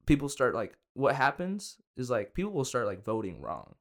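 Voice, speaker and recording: A young man hosting a loose comedy podcast, stumbling over his words and circling back to his point. His voice sits at an ordinary middle pitch. He talks casually, trailing off into asides. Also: huge pitch swings, creaky. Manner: rambling, halting restarts, trailing "you know what I'm saying". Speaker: podcast host.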